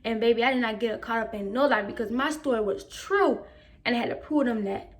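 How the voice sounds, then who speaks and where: Storytime vlogger, a woman with a higher-pitched voice, slangy, emphatic, replays her own past comments. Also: brisk. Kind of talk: casual storytime.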